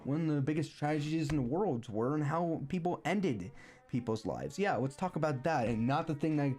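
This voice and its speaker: A man's voice: on the high side, lively intonation, moderate pace, a little mellow, soft background music. A young man streaming a rambling, sarcastic rant that is full of restarts and repeated words.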